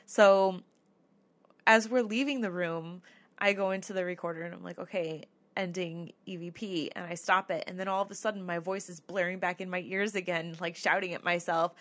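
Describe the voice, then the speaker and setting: A woman's voice: on the low side, fairly even intonation, a little fast, a bit bright. A woman co-hosting a podcast, telling a ghost-hunt story in a chatty way, with lots of fillers and laughs. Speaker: podcast co-host. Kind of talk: casual chat.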